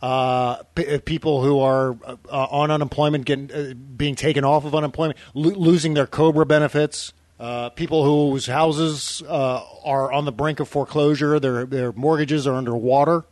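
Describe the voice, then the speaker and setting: A male podcast co-host with a slightly high voice chats casually and laughs often. He restarts sentences and fills gaps with "uh". The sound is dry and close, with no room. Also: fairly even intonation, moderate pace, hardly any pauses, a little mellow, no echo. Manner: chatty, laughs easily, many restarts and "uh"s. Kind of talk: casual chat.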